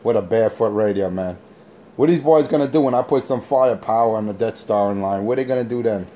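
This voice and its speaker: A man trash-talking rivals over a handheld radio mic, boasting and taunting in a slow drawl. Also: on the low side, warm tone, slight background noise. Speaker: CB radio operator. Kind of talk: on-air radio banter.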